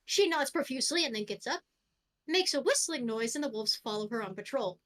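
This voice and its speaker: A woman's voice: a little high, expressive, a little fast, a bit bright. A woman narrating a tabletop game as game master, in a casual, offhand way with the odd swear.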